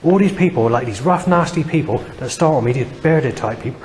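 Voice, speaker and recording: An agitated man talks on and on in a rambling vlog monologue, cursing freely and repeating himself. His mid-pitched voice rings out with a long reverb tail, and a faint hiss sits underneath. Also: animated, a little fast, a little mellow. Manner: agitated, profane, repetitive. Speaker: vlogger.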